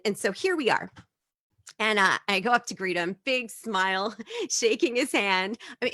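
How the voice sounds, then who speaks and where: A middle-aged woman tells a personal story as a stand-up set, with lively swings in pitch. Her voice is bright and forceful, and the sound is dry and close. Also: no room sound. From immigrant living in Japan. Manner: animated, acts out quotes with big pitch jumps.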